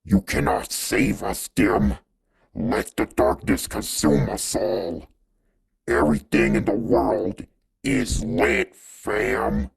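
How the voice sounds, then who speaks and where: A man voicing a slow raspy menacing villain. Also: deep voice, animated, full character voice. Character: menacing male villain taunting the hero. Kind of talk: fan animation cutscene voice acting.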